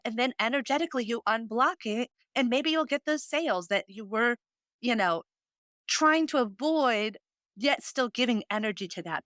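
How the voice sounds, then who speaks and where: A woman's voice: a little high, fairly bright tone, no room sound. A woman in her thirties hosting a podcast, telling a personal story in an earnest, heartfelt way with lots of fillers. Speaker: podcast host. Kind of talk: casual chat.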